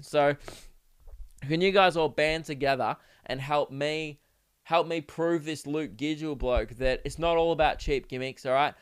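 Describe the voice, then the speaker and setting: A man's voice: on the high side, clean tone. An Australian man hosting a solo comedy podcast, ranting sarcastically and swearing in mock outrage.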